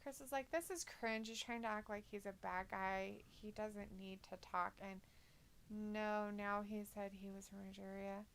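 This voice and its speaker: A woman's voice: mid-range voice, fairly even intonation, normal speed, fairly bright tone, slight background noise. A woman co-hosting a casual live stream, reading viewer comments aloud, giggling often and teasing her co-host. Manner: giggly, laughs often between remarks. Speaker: co-host of a live wrestling watch-along stream.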